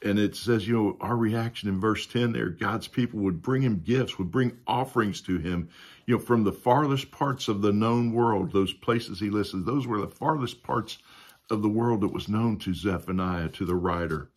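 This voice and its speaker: A man's voice: on the low side, normal speed. A man teaching a Sunday school Bible lesson in a conversational way, often adding "you know" and asking the class questions.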